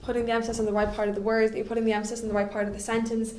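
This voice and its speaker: A woman's voice: on the high side, flat delivery, rapid-fire, a little mellow, a little hiss or hum. A woman, giving a chatty classroom lecture as a French teacher and checking in with "okay?" often. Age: 20s. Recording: echoey room, voice from a distance.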